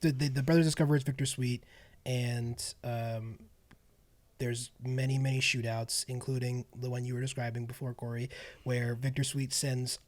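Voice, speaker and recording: A man's voice: medium pitch, flat delivery, moderate pace. A man co-hosting a podcast, retelling a film plot in a wry, casual way, laughing often and trailing off with ums. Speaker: podcast co-host. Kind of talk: casual film-review chat.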